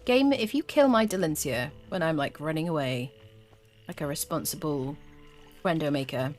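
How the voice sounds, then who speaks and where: A woman's voice: sits low, animated, moderate pace, soft background music. A woman streaming a game, chatting casually with her viewers and humming little tunes as she plays. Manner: chatty, talks to chat, hums little tunes. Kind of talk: casual live gameplay commentary.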